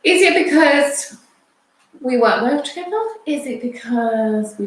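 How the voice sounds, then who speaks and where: A woman's voice: fairly high pitch, takes it slowly. A woman co-hosting a casual livestream chat, playful and teasing as she reads out viewer comments. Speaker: co-host of a livestream. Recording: very echoey room.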